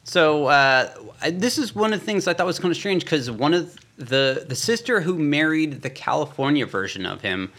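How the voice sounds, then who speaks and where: A man's voice: on the high side, moderate pace, hardly any pauses. A man co-hosting a podcast, chatting casually and animatedly as he retells a film's plot. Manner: animated storyteller, slips into quoted voices. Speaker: podcast co-host. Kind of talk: casual chat recapping a film.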